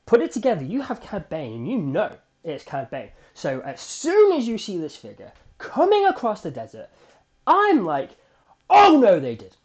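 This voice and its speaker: A man hosting a solo fan podcast, recapping a TV episode in an excitable, animated storytelling way with frequent restarts. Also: sits high, normal speed. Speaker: podcast host.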